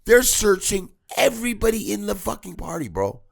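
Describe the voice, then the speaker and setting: A man with a gravelly, raspy edge chats in a loose, profane way. His pitch swings a lot as he tells a story. It sounds like a relaxed talk between friends. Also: moderate pace. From Southern California. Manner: profane, excitable, backs up stories with slang. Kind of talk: casual chat.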